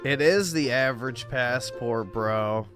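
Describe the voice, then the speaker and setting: Slow-talking man making dry jokes. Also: mid-range voice, over loud music. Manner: dry, mocking. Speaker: livestream host. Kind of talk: casual reaction commentary.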